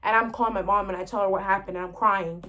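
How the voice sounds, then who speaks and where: A storyteller vlogger speaks quickly in a medium-pitched, sharp-toned voice with fairly even intonation. Her casual retelling is an exasperated vent, rambling and full of fillers.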